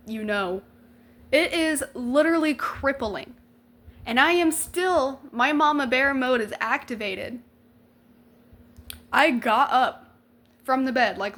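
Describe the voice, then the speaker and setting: A woman's voice: fairly high pitch, a bit bright. Young woman telling a raw personal story. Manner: candid and emotional, swears freely, slangy with many likes. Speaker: vlogger.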